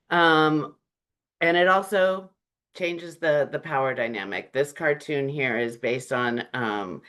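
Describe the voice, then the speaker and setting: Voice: mid-range voice, a bit bright. Webinar presenter on a video call who tells anecdotes and acts out quotes, with lots of "um"s. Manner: storytelling, acting out quoted remarks; frequent "um" fillers. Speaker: webinar speaker. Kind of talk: presentation on humor in leadership.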